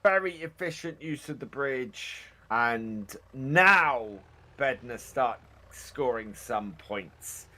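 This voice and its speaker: A man doing live esports commentary on a farming game, animated and quick to laugh. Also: medium pitch. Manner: animated, laughs often, drawn-out phrasing.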